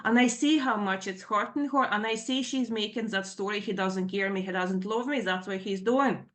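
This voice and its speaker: A middle-aged woman giving a personal account in a Q&A session, talking in a halting, rambling way full of fillers and nervous emotion. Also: mid-range voice. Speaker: participant in a Q&A session.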